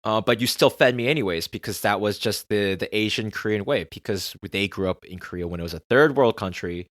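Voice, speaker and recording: A man's voice: on the low side, a little fast, no echo. Podcast guy talking candid and confessional, swears a lot, dry close sound. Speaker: podcast host. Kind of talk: personal reflective monologue.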